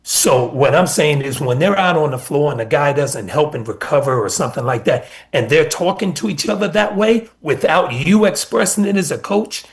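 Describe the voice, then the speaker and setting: A middle-aged man, a former basketball coach, telling stories earnestly on a sports radio show and repeating key points for emphasis. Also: fairly high pitch. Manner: earnest storytelling with emphatic repetition. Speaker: former college basketball assistant coach, guest.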